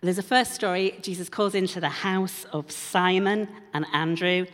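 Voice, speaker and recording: A woman's voice: on the low side, moderate pace, a bit bright. A woman preaching a sermon in a church, with humorous conversational asides. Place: church hall. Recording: long hall reverb.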